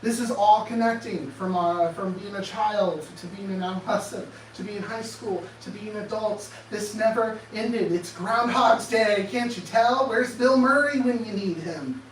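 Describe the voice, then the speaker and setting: A man giving an animated motivational talk, firing off sarcastic rhetorical questions in a presentation room. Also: sits high, a little slow, few pauses, slight background noise. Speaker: speaker. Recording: echoey room, distant mic, faint ambience.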